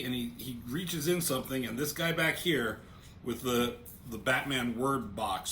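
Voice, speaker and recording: A man with a bright, forward voice talks casually through a comic book page by page and reads the panel lines out loud, stumbling over his openings. his voice rings around a roomy space with a faint hum of background noise. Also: medium pitch, normal speed. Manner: hesitant, repeats words when starting thoughts. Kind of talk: casual review walkthrough.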